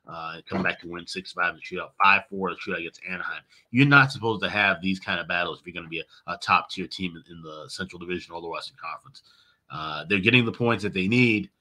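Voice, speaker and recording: Casting note: deep-pitched man with a bright, forceful edge, co-host giving betting analysis, conversational. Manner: conversational, stacks up stats, repeats words.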